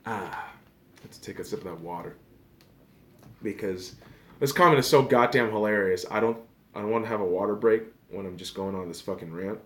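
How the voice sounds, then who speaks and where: A man hosting a podcast, ranting casually and profanely about sports, sarcastic, dropping to a mutter and then flaring into loud outbursts. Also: fairly low pitch, brisk, roomy sound, slight background noise. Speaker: podcast host.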